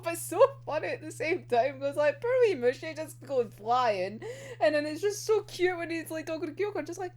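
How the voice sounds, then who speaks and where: A woman's voice: very high-pitched, sing-song, moderate pace. A young woman giving a casual episode recap as an anime reviewer, giggling often, swearing freely and acting out the characters' lines.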